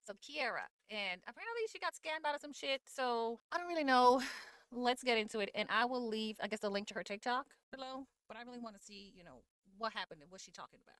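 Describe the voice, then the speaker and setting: A woman's voice: on the high side, lively intonation, fast, a bit bright, no room sound, studio quality. A woman hosting a casual reaction commentary, sarcastic and skeptical, with laughing asides. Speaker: commentary host.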